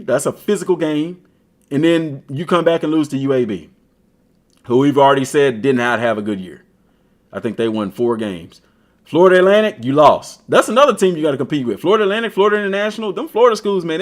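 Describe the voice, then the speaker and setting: A man streaming a video game, giving casual, slangy commentary and talking straight to the team. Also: fairly high pitch. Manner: slangy, talks to the team directly, animated. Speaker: gaming streamer.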